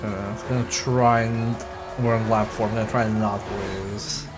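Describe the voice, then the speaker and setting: Male gaming streamer, lowish voice, casual and profane, game music loud underneath. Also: fairly even intonation, moderate pace. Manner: chatty, swears freely, acts out voices in retelling. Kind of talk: casual chat while playing. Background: loud game music and car sounds.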